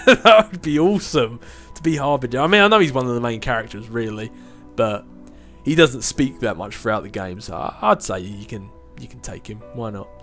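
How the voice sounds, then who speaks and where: A YouTube channel host in his twenties chats casually through viewer questions, rambling, restarting often, and laughing frequently. He has an expressive mid-range voice, a bit bright, at a normal speed, over soft background music.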